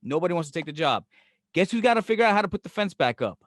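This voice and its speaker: A podcast co-host with a New York accent banters casually in a high, rapid-fire voice, recorded in studio quality with no echo. He's an animated storyteller who tells profane stories, acts out other people's lines and laughs often.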